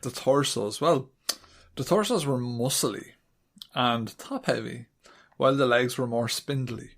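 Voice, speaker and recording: A man with a gravelly, mid-pitched voice co-hosts a casual podcast. He tells a story between jokey asides and laughs often. His voice has a rough fry to it. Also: unhurried. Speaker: podcast co-host.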